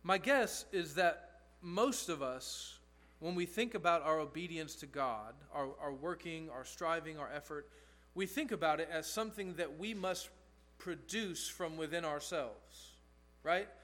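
A man's voice: a little high, measured pace, a bit bright. A man pastor preaching a sermon, earnest and emphatic, repeating key phrases for stress.

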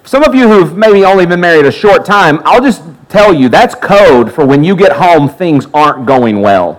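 A male preacher tells a personal story from the pulpit. His voice sits a bit high for a man, and he acts out the people in the story with lively shifts. He keeps an easygoing, conversational sermon style. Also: normal speed, poor audio. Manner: animated storyteller acting out quotes. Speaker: pastor.

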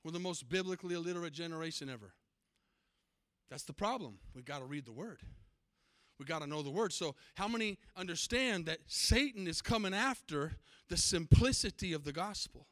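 A man's voice: fairly high pitch, lively intonation, fairly quick, fairly bright tone, no room sound. A man preaching a sermon as pastor, emphatic and often asking his congregation questions.

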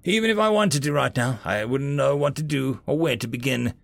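A man voicing a young male familiar who talks in an earnest, halting, hesitant way. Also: medium pitch, expressive, gravelly, dry recording.

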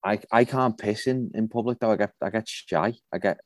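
A man in his thirties co-hosts a podcast in a laid-back, joking way, often trailing off and restarting his sentences in casual chat. His voice is fairly low and a little fast, recorded in clean studio sound with no echo.

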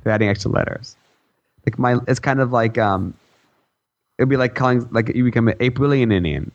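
A man's voice: medium pitch, steady tone, fairly quick, muffled recording. Rambling, giggly male podcast co-host. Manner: rambling, filler-heavy, giggly storytelling. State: voice a bit worn. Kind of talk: casual chat.

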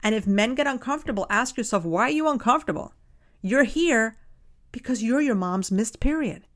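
A woman's voice: on the high side, lively intonation, fairly quick. Emphatic woman podcast co-host. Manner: emphatic, acts out quotes in a hushed voice. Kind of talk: casual chat.

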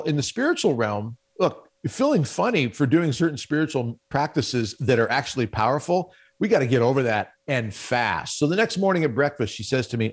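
A man on a radio show telling a self-mocking personal story in an animated way. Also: medium pitch, husky. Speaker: guest speaker on spiritual life.

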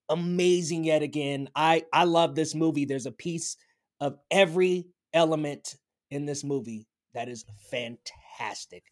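A man co-hosting a casual film review chat, talking enthusiastically and emphatically. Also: fairly high pitch. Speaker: podcast co-host.

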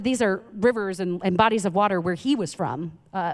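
A woman preaching a sermon, retelling a Bible story in a conversational, animated way with casual asides. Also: mid-range voice, normal speed. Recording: long hall reverb.

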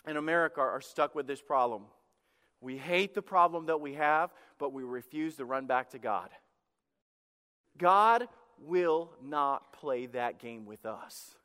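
High-voiced preaching man in a reverberant hall. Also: fairly bright tone. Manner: impassioned preaching, acting out quoted prayers. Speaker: pastor. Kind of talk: sermon.

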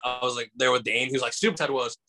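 A man's voice: medium pitch, quick pace, bright, forceful tone, low-quality recording. A man from Michigan, a comedian telling stories over a video call in a loose, rambling way with lots of fillers. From Michigan, USA. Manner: rambling, many fillers, acts out quotes. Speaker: comedian guest. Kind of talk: casual storytelling interview.

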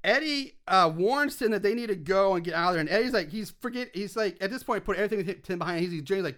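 Bright-voiced man animatedly recapping a movie. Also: high-pitched, fast, few pauses. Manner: animated storytelling, acts out characters' lines, lots of "like". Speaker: podcast co-host recapping a film. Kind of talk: casual movie recap chat.

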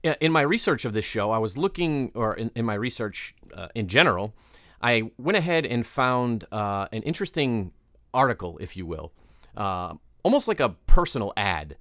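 A man's voice: mid-range voice, big pitch swings, normal speed, a bit bright, no echo. Rambling male podcast host, dry sound. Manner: rambling, hesitant, many fillers. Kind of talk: casual chat.

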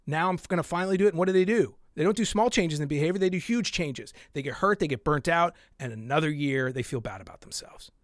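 Male podcast host, high voice, dry close sound, exasperated worked-up rant. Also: lively intonation, fairly quick, hardly any pauses, dry recording. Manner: exasperated, worked up, with sighs and muttered asides. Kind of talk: heated solo podcast rant.

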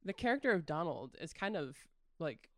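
A podcast co-host chatting casually about films, with lots of "like" and "kinda" and some gentle teasing. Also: mid-range voice, big pitch swings, moderate pace, no echo. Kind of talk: casual film discussion.

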